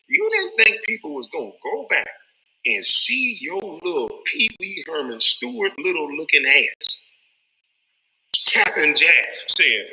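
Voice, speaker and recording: Man, retired athlete, profane rant, very bright sharp tone, lively swinging pitch. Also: poor audio. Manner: cussing, laughing, rapid streetwise slang. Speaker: retired athlete ranting on camera.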